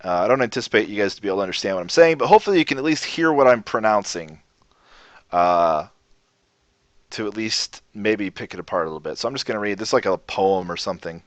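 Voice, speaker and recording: A man's voice: on the low side, fast, no room sound. Laid-back man teaching on a livestream. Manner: relaxed, rambling, self-correcting. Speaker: language teacher. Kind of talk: casual livestream lesson. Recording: dull lo-fi stream audio.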